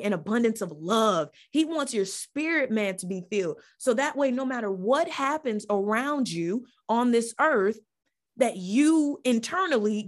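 A woman hosting a faith podcast, preaching with fervor, repeating phrases and restarting lines as her feeling builds. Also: medium pitch. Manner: fervent, repeats phrases, stumbles over restarts. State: getting emotional. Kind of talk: impassioned Christian teaching.

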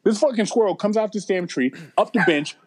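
A quick, slightly high-voiced man spins rowdy stories on a casual podcast, swearing freely and pushing his voice up for the punchlines. He talks fast and loose, like a regular on the show. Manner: profane, animated storyteller. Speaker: podcast co-host. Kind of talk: casual chat, storytelling.

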